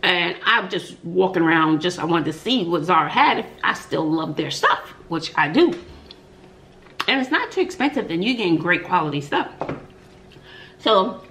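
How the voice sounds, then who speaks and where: A middle-aged woman hosting an eating show, chatting and telling stories between bites, with drawn-out "mm-mm" asides. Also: on the low side, expressive, a bit bright, slight background noise. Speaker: mukbang host. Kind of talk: chatty storytelling while eating.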